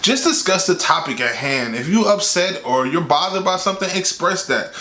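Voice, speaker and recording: Bright-voiced man giving candid advice. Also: high-pitched, moderate pace. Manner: candid, conversational, quotes with animated voice. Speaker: vlogger giving relationship advice. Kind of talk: casual advice chat. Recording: echoey room.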